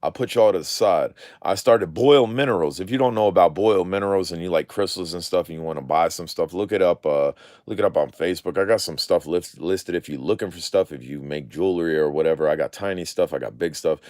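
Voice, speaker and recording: A man's voice: sits low, fast talker, a little mellow, no room sound, clean studio sound. A man talking candidly in a live stream, using slangy street speech with clipped words, rambling and swearing freely. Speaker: drone video creator. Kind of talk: casual live-stream chat.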